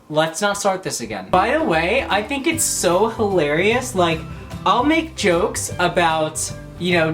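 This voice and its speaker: A woman answering fan questions in a casual vlog, rambling, jokey and excitable. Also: medium pitch.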